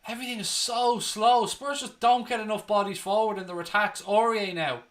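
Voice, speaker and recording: Irish guy doing a live footy watchalong, bit high, bright punchy voice, swears a lot. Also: fairly even intonation, moderate pace. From Ireland. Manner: blunt, sweary, bursts into outrage. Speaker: watchalong host. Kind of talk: live match commentary and chat.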